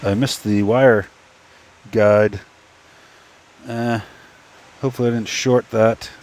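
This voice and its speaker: A man's voice: fairly low pitch, steady tone, takes it slowly, a little mellow. A man casually telling a story while tinkering with a 3D printer, rambling and stop-start, talking to himself as he works. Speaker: 3D printing YouTuber. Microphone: phone.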